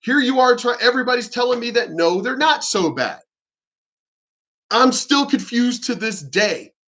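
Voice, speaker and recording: Venting to his viewers, a male vlogger delivers an emphatic, indignant monologue to camera, swearing a lot and repeating and restarting his sentences. His voice is extremely high-pitched and a bit bright, expressive, and moderately paced.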